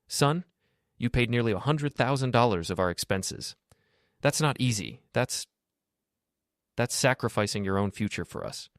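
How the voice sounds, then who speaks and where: A man's voice: on the low side, expressive, fairly quick, no echo, clean studio sound. A man voicing a remorseful father in his sixties, apologetic and pleading in a storybook reading. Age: 60s.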